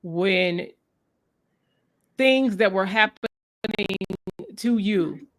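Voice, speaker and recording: A woman's voice: mid-range voice, takes it slowly, fairly bright tone. A woman interviewing a guest, asking long, searching questions that wind and restart. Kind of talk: interview conversation.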